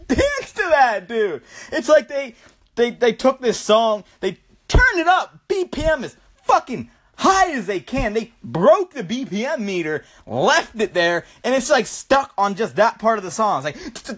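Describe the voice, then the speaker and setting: A man's voice: high-pitched, lively intonation, normal speed, a bit bright. A stoned young man hosting a podcast, telling a rambling, profane comic story into his phone. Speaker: podcast host.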